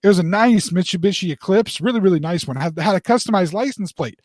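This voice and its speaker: A man in his forties, a podcast co-host, telling a rambling, animated story in casual chat. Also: sits high, fast talker, dry recording, clean studio sound. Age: 40s.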